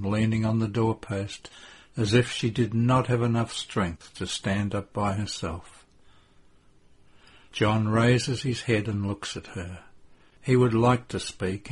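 A man narrating a devotional story in a solemn, measured way. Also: on the low side, husky.

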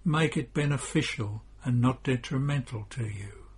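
A man voicing a calm spiritual teacher in a devotional story, speaking solemnly. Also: mid-range voice, moderate pace, slightly rough.

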